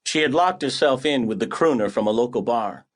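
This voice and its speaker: A man's voice: medium pitch, animated, a little fast. A man narrating an audiobook in the first person, with a wry, hard-boiled delivery.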